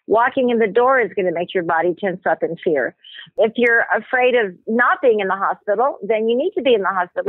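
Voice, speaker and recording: A woman, a medical anthropologist guest, explaining ideas and telling stories in a measured way with thoughtful pauses. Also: mid-range voice, no room sound. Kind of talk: explanatory interview talk. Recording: tinny phone-line audio.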